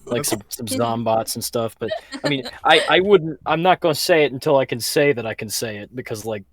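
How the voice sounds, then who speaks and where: Brief: relaxed male host, joking, dry close mic. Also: medium pitch, a little fast, no room sound. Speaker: panel host. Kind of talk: hosting a casual online panel.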